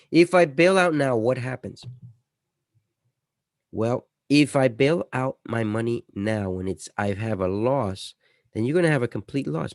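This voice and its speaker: A man talks casually through his own screen as an investing channel host, at an everyday middle pitch. He leans hard on some words and lets others fall away quiet. The sound is close and dry, with no room around it. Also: no room sound. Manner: chatty, swings between loud emphasis and dropping quiet. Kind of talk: casual screen-share commentary.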